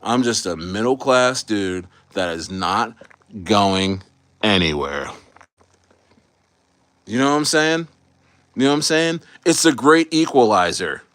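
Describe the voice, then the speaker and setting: Rambling American livestream host. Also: male voice, on the low side, sing-song, slow pace, pauses often, a bit bright, clear, resonant tone, no room sound. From United States. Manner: rambling, swears freely, many restarts. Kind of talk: casual livestream chat.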